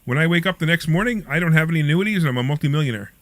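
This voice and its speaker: Quick-talking guy hosting a money radio show, bright punchy voice, acts out everyone in his stories. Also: on the high side, no echo. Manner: animated storyteller, acts out quoted voices. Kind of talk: casual talk radio chat.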